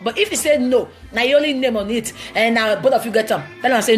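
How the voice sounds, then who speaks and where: A fairly high-voiced woman with a Nigerian accent answers viewers live, blunt and preachy, hammering each point home. Faint music plays softly behind her. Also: quick pace, few pauses. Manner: blunt, emphatic and preachy, with broken phrasing. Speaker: relationship advice vlogger.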